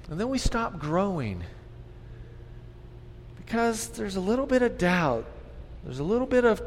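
A man's voice: high voice, sing-song, moderate pace, long reverb tail. A man in his fifties preaching a sermon, earnest and full of rhetorical questions. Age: 50s. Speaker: pastor.

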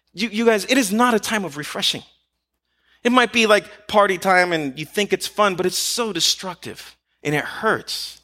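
A man preaching a conversational sermon, animated, asking rhetorical questions and acting out quotes. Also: high-pitched.

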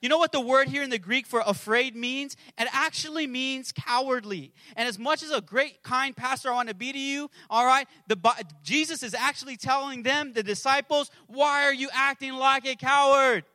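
A man pastor preaching an impassioned sermon, calling out to the congregation and swinging between shouted prayers and hushed asides. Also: very high voice, brisk, hardly any pauses, no echo. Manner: calls out to the congregation.

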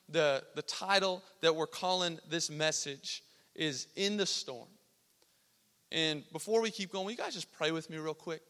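Young man, youth sermon, high bright voice, laid-back slang, long hall echo. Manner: casual slangy storytelling, acting out quotes. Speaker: youth pastor. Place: large hall with a youth congregation.

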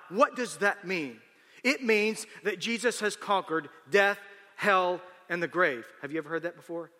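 A man's voice: high voice, measured pace, sharp tone. Guy preaching a sermon in a church hall, retells the story then works up to big emphatic points, ringy reverb. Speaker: pastor.

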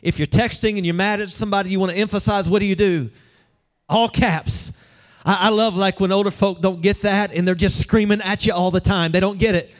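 A man with a notably high voice and a lilt delivers a sermon. He speaks in a relaxed, joking way and keeps drawing his listeners in. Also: fairly quick. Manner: conversational, humorous, engages the congregation. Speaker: pastor.

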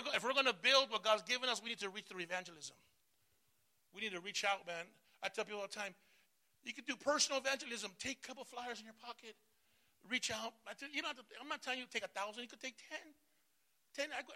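A man pastor preaching a sermon, calling out to the congregation for responses and swinging between loud bursts and soft asides. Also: high-pitched, very fast. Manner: emphatic call-and-response preaching.

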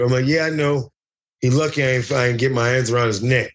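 A man's voice: mid-range voice, normal speed, dull audio, slight background noise. A man telling a fight story as an interview guest over a video call, profane and joking, acting out other people's lines. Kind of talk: animated storytelling.

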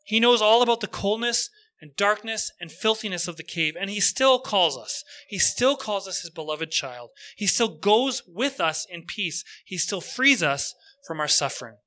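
An earnest male preacher retelling a story for his sermon. His voice is high and very bright, and he slows down on key phrases. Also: animated.

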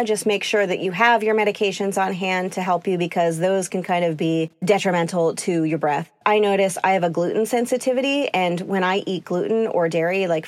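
A woman's voice: fairly low pitch, no room sound. A woman hosting a solo podcast as a confidence coach, chatty and upbeat, laughing often and sometimes a little short of breath. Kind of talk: solo podcast advice talk.

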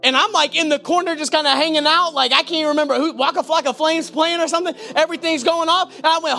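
A young adult man preaching a sermon as pastor, animated, moving between loud urging and hushed intensity. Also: extremely high pitch, fast, vocal fry, few pauses, soft background music.

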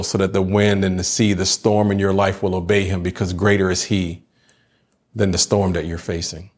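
A man's voice: fairly low pitch, a little mellow. A man preaching a sermon in an earnest style, building his points through repetition. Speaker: pastor.

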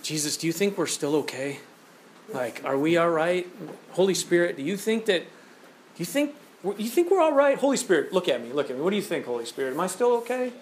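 A man's voice: high voice, lively intonation, fairly quick, slight background noise. A man voicing God as an anxious, insecure figure who keeps asking whether everything is still okay. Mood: fretful.

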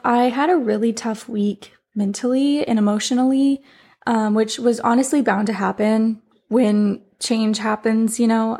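A young woman hosting her own podcast in casual chat, her voice groggy and raspy from the morning, talking candidly with lots of fillers at home. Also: fairly high pitch, darkish tone. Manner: chatty, candid, frequent fillers. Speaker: podcast host and life coach. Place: home room with heater and humidifier running.

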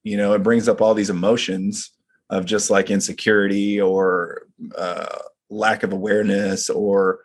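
Earnest man with a lowish voice. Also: flat delivery, a little slow, breathy edge. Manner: earnest, reflective storytelling. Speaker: men's group leader. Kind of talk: casual chat.

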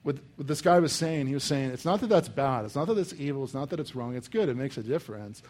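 A man's voice: mid-range voice, fast. Young american guy preaching, loose and chatty, lots of likes and ums. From United States. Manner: casual and animated, many fillers like "like" and "um". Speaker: pastor. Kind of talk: conversational sermon.

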